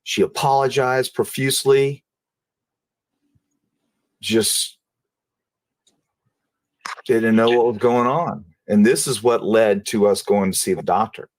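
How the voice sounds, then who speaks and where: A man telling a personal story in an interview, in a casual, halting way, often repeating and restarting phrases. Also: mid-range voice, no echo. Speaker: interview guest.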